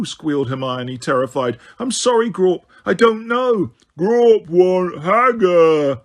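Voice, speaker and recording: A man reading a novel aloud as an audiobook narrator, steady and even, with the odd slip and restart. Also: on the high side, husky. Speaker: audiobook reader.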